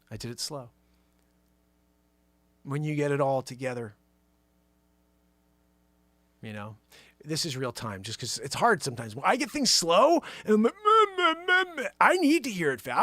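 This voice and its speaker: Male host, bright and sharp tone, very lively pitch, improvised comic riffing with shouted bursts, dry close sound. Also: vocal fry, no echo. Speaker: show host. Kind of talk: improvised comedy monologue.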